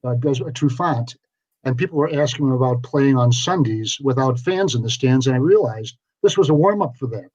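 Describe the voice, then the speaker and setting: A man's voice: mid-range voice, lively intonation, moderate pace, a little mellow, dull audio. An older man co-hosting sports radio, telling stories in a dry, wry way. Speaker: sports reporter and co-host. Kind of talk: casual sports radio chat.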